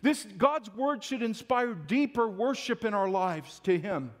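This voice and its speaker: A man's voice: sits high, expressive, measured pace. A male pastor preaching a Sunday-morning sermon in an emphatic, conversational way.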